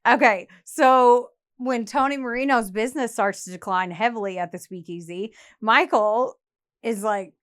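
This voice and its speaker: A woman's voice: mid-range voice, moderate pace, a bit bright. A young woman co-hosting a podcast, telling a true crime story in casual chat, laughing often and slipping into playful voices.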